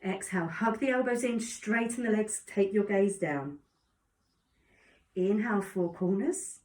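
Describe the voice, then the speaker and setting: A woman calmly guiding a yoga class with encouraging cues. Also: medium pitch, a little slow. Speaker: yoga instructor. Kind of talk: guided exercise instruction. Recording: echoey room, distant mic.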